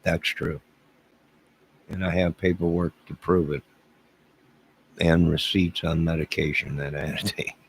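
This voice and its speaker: A man's voice: deep voice, level tone, unhurried, pauses often, breathy edge, poor audio. A man hosting a casual livestream, rambling and self-deprecating as he chuckles and answers viewers' chat. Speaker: livestream host.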